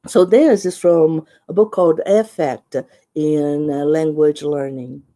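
A woman with a Brazilian accent presents at a teaching conference, speaking slowly and explaining step by step. Her voice is mellow and dark, sitting a little low, and she keeps checking in with her listeners with "right?" and "okay?". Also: steady tone. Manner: explanatory, with many "uh" pauses.

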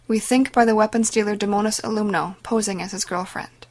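A woman voicing a calm, firm, caring aunt explaining hard news. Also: mid-range voice, fairly quick, close to an everyday voice.

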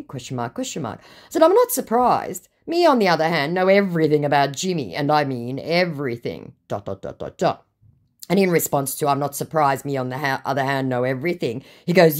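A woman's voice: lowish voice, big pitch swings, a little fast, a little mellow. An Australian woman hosting a scam-baiting video, retelling a chat in a sarcastic, mocking way. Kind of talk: recounting a chat.

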